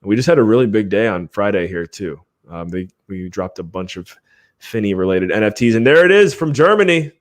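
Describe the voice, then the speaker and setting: A man's voice: on the low side, expressive, brisk. A man hosting a live podcast stream, chatting casually in an upbeat way and laughing often. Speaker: podcast host.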